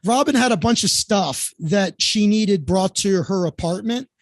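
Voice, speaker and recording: A man with a notably high voice tells a rambling story as a guest, circling back with fillers and restarts. He is from Florida. The sound is dry and close. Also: lively intonation, a little slow, dry recording. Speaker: guest comedian. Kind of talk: casual anecdote telling.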